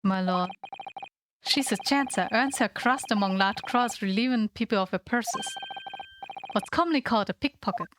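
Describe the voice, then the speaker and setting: A woman's voice: on the high side, lively intonation, moderate pace, background noise, lightly acted. A woman voicing a plain-spoken Irish male witness giving matter-of-fact testimony over game music.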